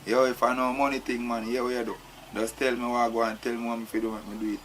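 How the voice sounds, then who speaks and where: A man's voice: mid-range voice, level tone, quick pace, a bit bright, a little hiss or hum, natural voice. An actor with a Jamaican accent playing a tied-up man who pleads and argues with his captor, filling his talk with "you know". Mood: pleading, agitated. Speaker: actor in a film. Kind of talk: film dialogue.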